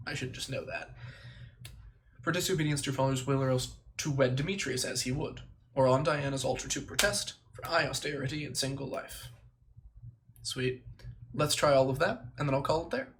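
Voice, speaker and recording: A man streaming live, thinking aloud and reciting memorized lines in quick bursts, stopping to correct himself. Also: mid-range voice, fairly bright tone, slight background noise. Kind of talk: casual livestream chat, reciting lines from memory.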